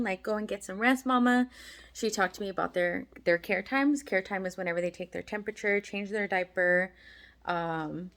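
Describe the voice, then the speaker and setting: A woman's voice: lowish voice, a bit bright. A woman, a mother, casually telling a personal story to the camera. She talks in a chatty way, full of "like" fillers, and often acts out the voices of the people she quotes.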